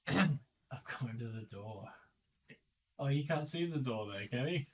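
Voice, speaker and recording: A man's voice: medium pitch, animated, unhurried. A man playing at a tabletop game, laid-back and laughing often. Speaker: player. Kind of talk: casual chat at a game table.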